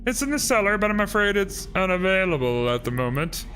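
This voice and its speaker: A man's voice: high voice, sing-song, a little fast, noisy background, voice pushed up. A man voicing a creepy, cheerfully sinister male innkeeper from a family of butchers, speaking with an exaggerated lisp and odd word stress. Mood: smooth denial. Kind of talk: reading game dialogue aloud.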